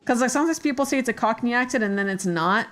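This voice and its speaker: A woman's voice: fairly high pitch, fast, fairly bright tone, soft background music. A woman streamer chatting casually while she draws, rambling with many fillers and hesitations. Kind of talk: casual chat while drawing.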